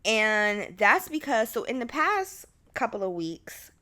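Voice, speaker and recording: A woman's voice: on the high side, sing-song, slow pace, sharp tone. A young woman hosting a podcast alone, talking in a candid, rambling way with lots of fillers and restarts. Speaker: podcast host. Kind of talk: casual solo chat.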